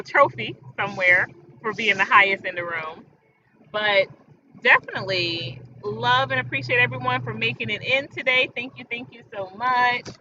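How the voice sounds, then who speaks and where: A woman's voice: fairly high pitch, pushed and bright. A woman hosting a casual livestream from outdoors, chatty and emphatic, talking straight to her viewers. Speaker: livestream host. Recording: dull lo-fi outdoor audio with faint noise.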